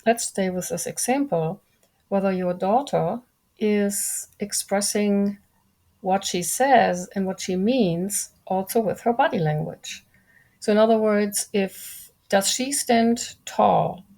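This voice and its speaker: Calm, measured woman with slight gravel. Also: mid-range voice. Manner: calm, measured, deliberate speech. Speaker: guest. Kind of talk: conversational interview.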